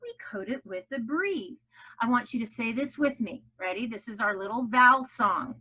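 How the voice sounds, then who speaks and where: Woman ESL teacher, bright fairly high voice, encouraging, drawn-out vowels for young learners. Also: animated, slightly rough, rough recording. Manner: warm encouraging teacher, exaggerated stressed vowels. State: out of breath after jumping jacks. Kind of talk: recorded classroom lesson for children.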